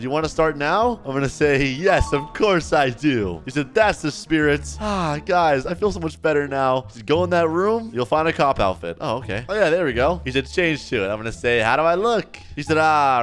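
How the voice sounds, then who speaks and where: A young man hosting a role-play game video, narrating his moves and reading out the other players' lines in an animated way. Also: a little high, a little fast, few pauses. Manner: animated, swings from hushed guilt to loud excitement. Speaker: gaming video host. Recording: faint background music.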